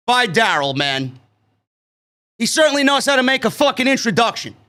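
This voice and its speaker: A man from New York hosting a live-stream wrestling review, excitable and profane, tacking "man" onto his sentences. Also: extremely high pitch, normal speed, long pauses. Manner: excitable, swears freely, keeps saying "man".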